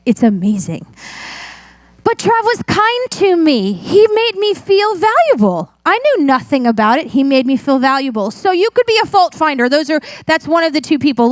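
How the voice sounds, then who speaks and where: A woman's voice: high-pitched, dry recording. A middle-aged woman pastor preaching a sermon in a chatty, self-mocking storytelling way.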